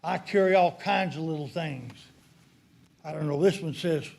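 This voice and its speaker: A man's voice: fairly high pitch, moderate pace, gravelly, darkish tone. An older man giving a heated, accusatory public comment at a county commissioners' meeting.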